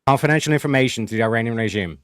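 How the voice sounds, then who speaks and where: A man's voice: mid-range voice, very fast, clear, resonant tone, dry recording, studio quality. A man moderating a live debate, firing off a pointed yes-or-no question.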